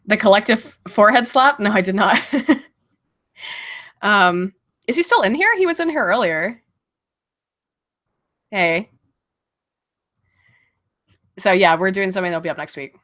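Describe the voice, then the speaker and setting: Brief: lively, blunt woman streamer, swears freely, laughs a lot, casual Q&A at home on a desk mic. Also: mid-range voice, measured pace, long pauses. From Virginia and Baltimore. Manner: blunt, profane, laughing often. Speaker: streamer answering viewer questions. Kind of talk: casual livestream Q&A.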